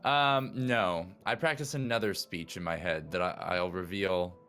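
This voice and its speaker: A man playing a tabletop game over an online voice call, speaking in a hesitant, halting way. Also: low voice, fairly bright tone, faint music behind. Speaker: player. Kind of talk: tabletop role-play.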